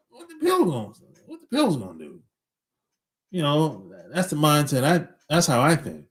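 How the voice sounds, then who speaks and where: Man, middle-aged, podcast host, casual blunt monologue, swooping animated pitch, chuckling. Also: moderate pace. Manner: laid-back, chuckles between points, blunt slang.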